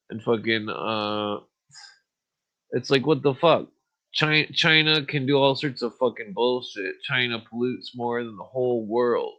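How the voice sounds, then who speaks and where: A man's voice: mid-range voice, sharp tone. Profane ranting man, lo-fi mic. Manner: profane, ranting, with frequent fillers and chuckles. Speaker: podcast host. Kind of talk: rambling casual monologue. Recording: dull lo-fi audio.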